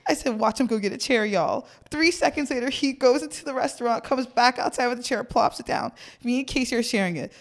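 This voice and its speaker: Young female podcast co-host, giggly storyteller, higher-pitched voice. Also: brisk, hardly any pauses. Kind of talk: casual chat.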